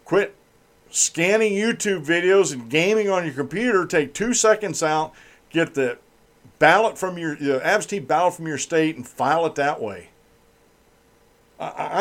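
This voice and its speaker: A man hosting a political commentary show, reading news items and then ranting about them with scorn. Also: on the high side.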